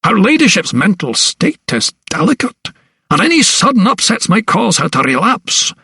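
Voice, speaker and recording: A man's voice: sing-song, normal speed, vocal fry, bright, forceful tone, husky, dry recording, exaggerated voice. A haughty elderly asylum principal, as a male audiobook narrator puts him on, talking down to his visitor in a lifted, condescending tone. The voice is dry and close, with no room around it. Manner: condescending, pitched higher.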